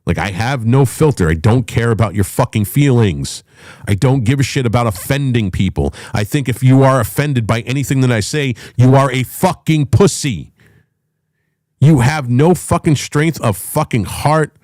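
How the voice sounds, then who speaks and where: A middle-aged man hosting a talk show, ranting with loud, profane, emphatic delivery and a voice that swings up and down. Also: mid-range voice, moderate pace, no room sound, clean studio sound. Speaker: podcast host.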